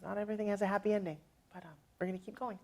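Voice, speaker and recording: A middle-aged woman telling personal stories as a motivational speaker, lively and acting out quoted dialogue with laughs. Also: medium pitch, racing. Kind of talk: personal storytelling to an audience.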